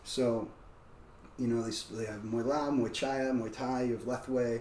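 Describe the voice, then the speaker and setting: A man telling a story as a guest in a casual conversation, loose and animated, with frequent "like" fillers. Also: medium pitch, moderate pace. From United States. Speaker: guest, martial arts practitioner. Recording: roomy, distant mic, faint background noise.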